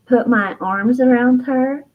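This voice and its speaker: A middle-aged woman, an herbalist and author, telling a personal story in an interview, reflective and heartfelt, with fillers and soft laughs. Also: fairly high pitch, takes it slowly, phone-quality sound.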